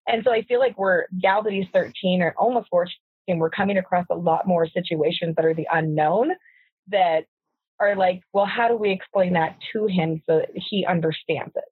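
A woman in a casual parenting chat, speaking earnestly with halting restarts. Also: on the low side, breathy edge, no room sound. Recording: tinny phone-like line.

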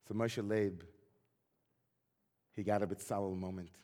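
A man's voice: on the low side, fairly even intonation, measured pace, mellow, in a large hall. A man who is a rabbi, delivering an earnest, reflective sermon full of searching questions.

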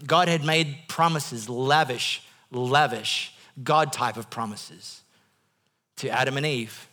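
A man preaching in a church with a bright, forward voice. He drops to hushed tones, then climbs into loud, driving bursts. He hammers key phrases over and over for emphasis. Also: medium pitch. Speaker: pastor. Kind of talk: sermon.

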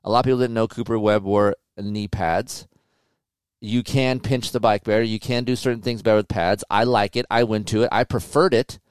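A man's voice: fairly low pitch, normal speed, clean tone, dry recording, studio quality. A middle-aged man hosting a podcast, talking candidly and with plenty of profanity about family pressures. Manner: candid, profane, animated storytelling. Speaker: podcast host. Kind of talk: casual chat.

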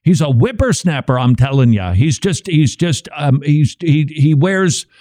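A man's voice: on the high side, measured pace, no room sound, clean studio sound. A middle-aged man hosting a casual commentary show, joking wryly about church signs and sermons. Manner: wry, joking, animated. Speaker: radio host.

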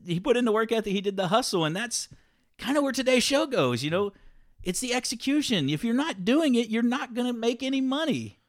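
His voice is extremely high and fairly quick. As a podcast co-host in casual chat, he tells stories with animated energy, breaking into laughter again and again.

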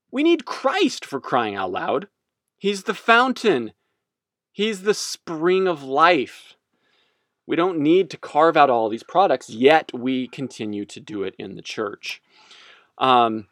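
A man's voice: medium pitch, a bit bright, dry recording, clean studio sound. A man giving a casual, jokey teaching talk about faith that rambles along. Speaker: speaker on faith.

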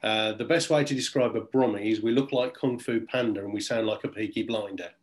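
A man's voice: fairly low pitch, fairly even intonation, brisk. A man from Birmingham with a Birmingham accent, a guest speaker telling jokey, self-deprecating stories in an interview. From Birmingham, England. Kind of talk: interview chat.

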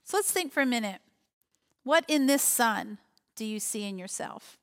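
A woman's voice: a little high, lively intonation, normal speed. A woman giving a sermon, reading a parable aloud and reflecting on it with questions to her listeners. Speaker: preacher.

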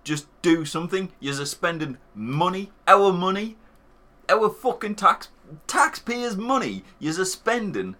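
A man's voice: high-pitched, big pitch swings, slow pace, bright, forceful tone. A Northern English man co-hosting a podcast, talking in blunt, sweary casual banter. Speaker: podcast co-host.

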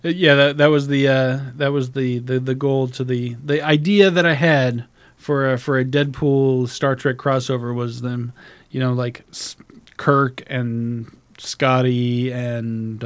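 A man talking on a casual podcast, rambling in a self-deprecating way and cursing as he goes. His voice sits at an average pitch. The recording is dry and close, with no room sound. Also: flat delivery, measured pace, clean tone, no room sound. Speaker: podcast co-host.

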